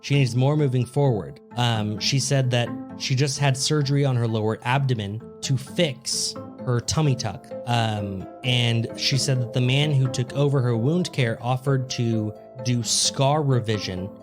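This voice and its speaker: A man's voice: medium pitch, measured pace, hardly any pauses, music in the background. A man co-hosting a casual podcast, reading out a news story with crude jokes and frequent laughs. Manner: laid-back, crude joking, laughs often. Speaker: podcast co-host.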